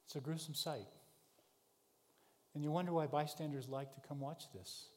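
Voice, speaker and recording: A man delivers a sermon as a vivid story told to the listener, swinging between raised, shouted passages and quiet, hushed ones. His voice sits a little high with a mellow, dark tone. The sound carries the long reverb of a large hall. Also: fairly even intonation, moderate pace. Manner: vivid second-person storytelling, shifting from shouts to hushed tones. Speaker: preacher.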